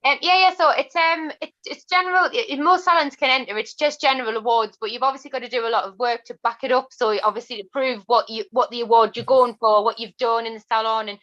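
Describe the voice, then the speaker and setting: Woman, high bright voice, frank lively storyteller. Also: fast talker, hardly any pauses, highs cut off. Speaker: podcast guest. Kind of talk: casual chat.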